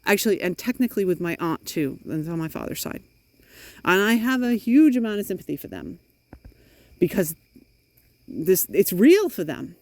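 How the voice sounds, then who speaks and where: A woman's voice: fairly low pitch, very animated, normal speed, pauses often, a little mellow, no echo. A middle-aged woman vlogging outdoors while walking in the rain, talking into a phone in a frustrated, emphatic way. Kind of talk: walking vlog monologue.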